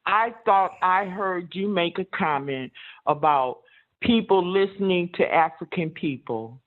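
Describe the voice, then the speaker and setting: A man's voice: sits high, unhurried. Easygoing older man on a phone line. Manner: conciliatory, easygoing. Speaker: caller. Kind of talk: call-in conversation. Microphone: phone call.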